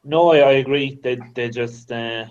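A male podcast guest chatting in an easy, hesitant way and agreeing readily with his hosts. His voice is mid-pitched. The sound is muffled and lo-fi, as if it came over a remote call. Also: normal speed. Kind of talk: casual podcast chat.

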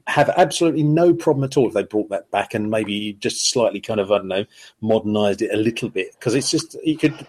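A man co-hosting a podcast who speaks thoughtfully and at a measured pace, with a little humour. His voice is mid-range for a man. He shapes his opinions carefully as he talks. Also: mid-range voice, a little mellow. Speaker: podcast co-host. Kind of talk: casual podcast chat.

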